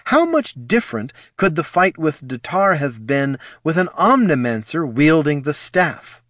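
A man's voice: a little high, sing-song, measured pace, fairly bright tone, no room sound, clean studio sound, pitched above the performer's own voice. A man voicing a proud, angry young female sun mage, talking in a cold, clipped, scornful way.

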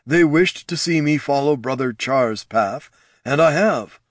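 A man voicing a huge young orc chieftain who is gentle, unsure and speaks in halting phrases. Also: on the high side, no echo, clean studio sound, pitched above the performer's own voice, lightly acted. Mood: uneasy. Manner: hesitant, halting.

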